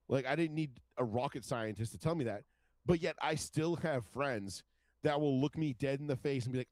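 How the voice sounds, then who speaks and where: A man co-hosting a casual podcast chat, talking in an animated, profane, rambling way. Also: mid-range voice, quick pace, no room sound. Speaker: podcast co-host.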